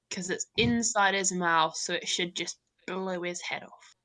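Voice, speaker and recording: A woman's voice: fairly low pitch, measured pace, sharp tone, rough recording. A woman playing a tabletop game, playful and giggly as she describes her moves. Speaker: player. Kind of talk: casual tabletop play.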